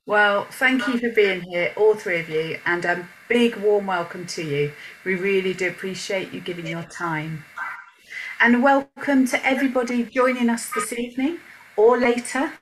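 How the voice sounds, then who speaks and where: A woman hosting a live online panel over a video call. Her pitch sits mid-range for a woman, and her welcome slips into a short prayer. A faint hiss lies behind her voice. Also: steady tone, normal speed, low-quality recording. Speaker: host.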